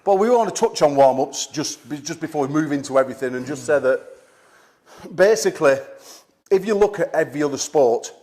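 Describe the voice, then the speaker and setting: Breathless arm wrestling coach. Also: male voice, a little high, fairly quick. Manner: energetic, coaching with frequent "okay?" check-ins. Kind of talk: instructional seminar demonstration. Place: gym.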